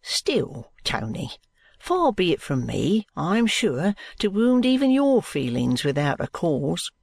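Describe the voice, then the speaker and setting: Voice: medium pitch, big pitch swings, slow, vocal fry, darkish tone, no echo, studio quality, pitched above the performer's own voice, heavily acted. A reader voicing a pompous, touchy young clerk. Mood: aggrieved. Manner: wordy, injured remonstrance.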